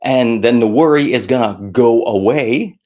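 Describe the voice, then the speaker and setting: In no hurry, a middle-aged man gives relaxed stress-management advice to camera. He's animated and self-deprecating, and raises his pitch to act out worried voices.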